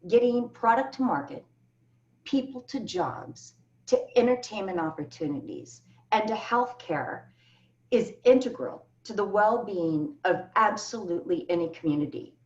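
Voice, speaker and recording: A woman's voice: mid-range voice, animated, normal speed, darkish tone. Emphatic woman on an echoey video call. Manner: earnest, emphatic. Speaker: keynote speaker. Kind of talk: answering questions on a video call panel. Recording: echoey, distant, dull video call audio.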